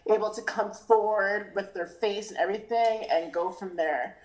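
A woman's voice: mid-range voice, moderate pace. A woman guest in a casual interview over a video call, emotional, laughing often and trailing off into restarts. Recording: roomy echo.

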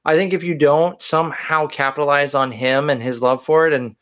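A man's voice: a little high, fairly even intonation, fairly quick, fairly bright tone. Chatty man co-hosting a podcast. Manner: chatty, joking, self-deprecating. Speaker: podcast co-host. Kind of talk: casual chat.

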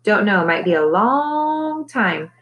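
A woman's voice: medium pitch, very animated, takes it slowly, a bit bright, highs cut off, voice pushed up. A woman voicing a sweet, eager young boy who speaks earnestly, reading a storybook aloud. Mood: cheerful.

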